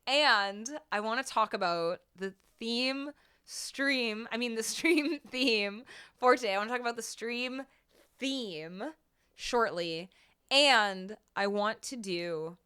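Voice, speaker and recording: A woman's voice: mid-range voice, sharp tone, clean tone. A young woman hosting a singing livestream from a home room with foam sound panels, chatting casually with her viewers. She repeats her phrases and laughs between them. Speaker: livestream singer and host. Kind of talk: casual chat with live chat.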